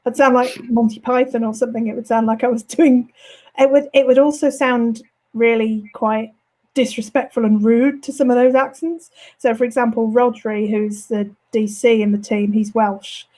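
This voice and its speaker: A woman's voice: on the high side, steady tone, normal speed, warm tone, low-quality recording. Chatty woman with a mild Birmingham accent. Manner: chatty, frequent ums and self-corrections. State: going a bit hoarse. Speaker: author. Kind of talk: casual interview chat. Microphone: home studio setup.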